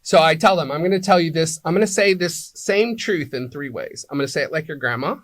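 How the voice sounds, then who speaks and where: A man's voice: a little high, quick pace, a bit bright, dry recording. Teacherly man explaining, dry sound. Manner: teacherly, checks in with "right?" and "okay?". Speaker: apartment locator. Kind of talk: interview guest explaining.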